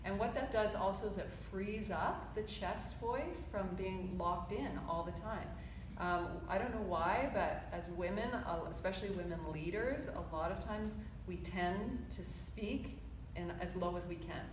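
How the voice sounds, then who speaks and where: A woman coaching a choir section through a vocal warmup, encouraging and chatty, quick to laugh. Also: medium pitch. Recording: roomy sound with background noise.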